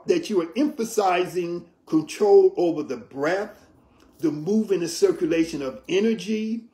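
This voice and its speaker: A man teaching about yoga in an interview, in a measured, explanatory way, often checking in with "right?". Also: high voice, mellow. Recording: roomy echo.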